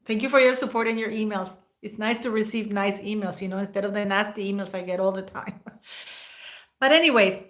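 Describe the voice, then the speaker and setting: A woman's voice: medium pitch, a little fast. A woman hosting a casual livestream, rambling and emotional as she thanks viewers by name. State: near tears at times. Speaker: livestream host.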